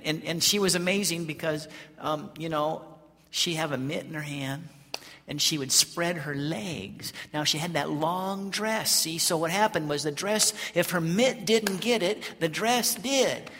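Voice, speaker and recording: A man from Colorado, a pastor telling a folksy story in a sermon, animated and lively. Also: a little high, vocal fry, in a large hall.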